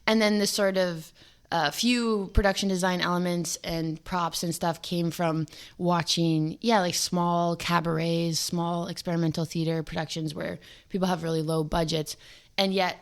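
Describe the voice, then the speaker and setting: A young woman, a filmmaker and lead actor, talking casually in an interview, animated and full of "like". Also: lowish voice, normal speed, smooth. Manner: animated, chatty, peppered with "like".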